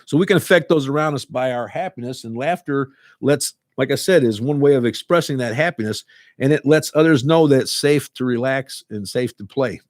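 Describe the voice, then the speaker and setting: A man's voice: medium pitch, brisk, darkish tone, no room sound, studio quality. A man who teaches a laughter club, talking earnestly and casually and repeating words as he goes. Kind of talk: casual talk to camera.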